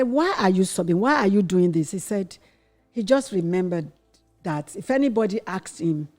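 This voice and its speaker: A woman's voice: mid-range voice, animated, normal speed, darkish tone, faint music behind. A middle-aged woman from Nigeria telling her family's story to her daughter in an earnest way, acting out what was said back then. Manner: earnest, quotes her own past words with rising intensity. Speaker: interview guest, the host's mother. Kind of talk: candid personal storytelling.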